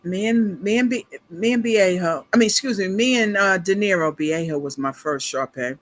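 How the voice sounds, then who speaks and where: A middle-aged woman hosting a casual livestream, telling a family story in a chatty, animated way, laughing along and calling her viewers y'all. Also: mid-range voice, normal speed. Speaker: beauty consultant livestream host.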